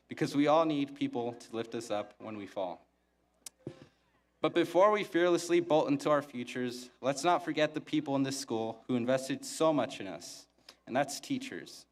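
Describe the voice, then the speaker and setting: A young man gives a graduation speech from a podium mic in a flat, monotone voice. His humor is dry and self-mocking, and his voice sits at a middle pitch. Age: young adult. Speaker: valedictorian giving a graduation speech. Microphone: podium microphone.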